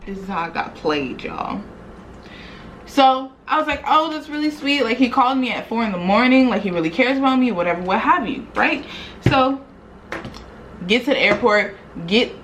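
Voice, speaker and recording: A young woman vlogger retelling a story in a casual, animated, slangy way, acting out quoted dialogue. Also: on the high side, moderate pace, noisy background.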